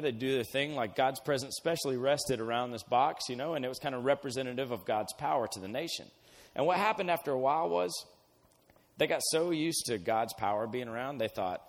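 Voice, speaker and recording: A man casually retelling a Bible story as a youth pastor, acting out the characters in slang. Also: medium pitch. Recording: long hall reverb.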